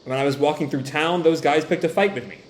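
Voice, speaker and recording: A man reading as a quiet, apologetic immortal youth. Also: fairly high pitch, fast, reverberant, natural voice, poor audio. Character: immortal shapeshifting being as a quiet young man.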